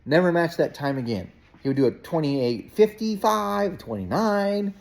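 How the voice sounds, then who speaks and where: A man's voice: normal speed, creaky. A man casually telling a rambling story as a parent, with frequent restarts and fillers. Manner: rambling, animated, jumps to a high voice when quoting himself. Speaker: parent vlogger.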